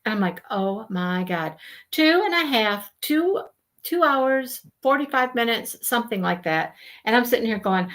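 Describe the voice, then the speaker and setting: A woman's voice: fairly high pitch, normal speed. Chatty woman hosting a live stream. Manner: chatty, animated storytelling, greets viewers by name. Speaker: livestream host. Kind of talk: casual live chat.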